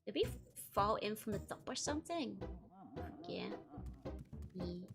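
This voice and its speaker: A woman's voice: mid-range voice, sing-song, measured pace. A woman streaming a video game, chatting casually with her chat and giggling a lot. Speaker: VTuber streamer. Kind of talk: casual let's-play commentary. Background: game music.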